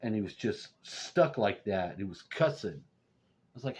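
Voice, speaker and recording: Low-voiced rambling, cussing man, lo-fi. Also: lively intonation, a little slow, husky. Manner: swears constantly, loose and rambling, gets loud and high when worked up. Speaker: vlogger. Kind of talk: rambling profane storytelling. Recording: dull lo-fi sound.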